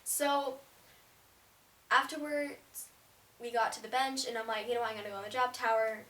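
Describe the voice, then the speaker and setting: A high-voiced teenage girl chats through a rambling story for her vlog, sprinkling "like" everywhere. She sits back from the mic in a room with plenty of echo. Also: steady tone, moderate pace, a bit bright, recorded from a distance. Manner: chatty, rambling, fillers of "like". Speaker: vlogger. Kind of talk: casual storytelling. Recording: roomy, away from the mic.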